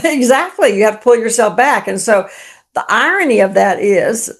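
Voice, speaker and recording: A woman's voice: on the high side, lively intonation, moderate pace. A woman in her fifties from the United States, a guest talking in a conversational, enthusiastic way over a remote call. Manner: enthusiastic, conversational, uses "if you will". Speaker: guest, LinkedIn strategist. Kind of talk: casual interview.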